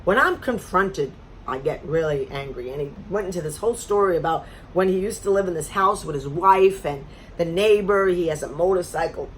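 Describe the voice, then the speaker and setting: A woman's voice: lowish voice, normal speed, slight background noise. A middle-aged woman from Florida telling a dating story in an exasperated, sarcastic casual rant. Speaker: vlogger.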